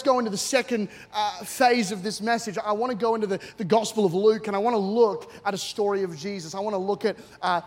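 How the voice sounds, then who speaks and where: High-voiced Australian preacher, jokey. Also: male voice. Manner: animated, jokey, acts out voices in his stories. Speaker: guest pastor. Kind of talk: humorous sermon storytelling. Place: church auditorium with a live congregation. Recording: long reverb of a large church hall.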